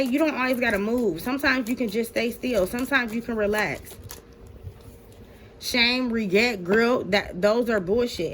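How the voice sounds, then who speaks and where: A woman's voice: on the high side, slight background noise. A woman giving a casual tarot reading to her viewers. She talks in a blunt, slangy, profane way, addresses them directly, and laughs often. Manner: slangy, talks straight to "y'all". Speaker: tarot reader.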